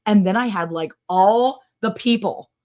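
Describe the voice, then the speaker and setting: A woman with a mid-range voice hosts a casual livestream and tells a story to her viewers. She is animated and sarcastic, her pitch leaping up and down, and she scatters "like" through her sentences. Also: unhurried. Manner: chatty, with many "like" fillers. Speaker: livestream host.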